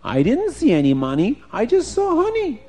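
A man's voice: extremely high pitch, wildly swooping pitch, moderate pace, darkish tone, voice pushed up, heavily acted. A man voicing a sly male thief who protests his innocence in a raised, wheedling voice. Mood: protesting innocence.

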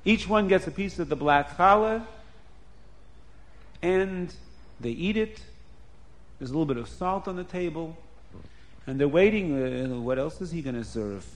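Earnest male storyteller, slightly high voice. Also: expressive, a little slow, pauses often. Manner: plain, repetitive, earnest retelling. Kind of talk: spoken storytelling.

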